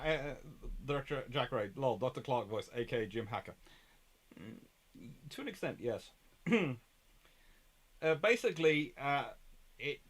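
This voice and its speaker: A man from England hosting a casual livestream, reading out viewer questions and answering them conversationally. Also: medium pitch. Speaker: host.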